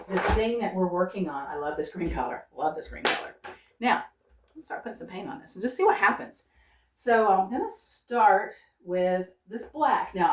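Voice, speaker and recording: A woman talking through her painting as she works, thinking aloud and coaxing herself to stay loose and not fuss over details. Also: fairly low pitch. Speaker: painter demonstrating. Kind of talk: unscripted painting demonstration. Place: art studio. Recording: roomy studio sound from a distance.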